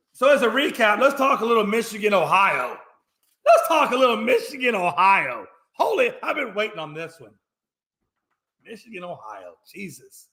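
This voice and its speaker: A man co-hosting a casual sports talk show, his voice high for a man and sharply bright. He rants with animated energy, swears freely and hammers his points home by repeating them. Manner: animated, profane, repeats himself for emphasis.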